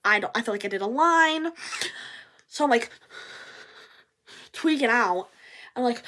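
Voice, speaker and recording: A young adult woman telling a story in a casual vlog, animated, swearing and acting out what people said. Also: a little high, unhurried, long pauses. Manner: animated, swears, acts out quotes.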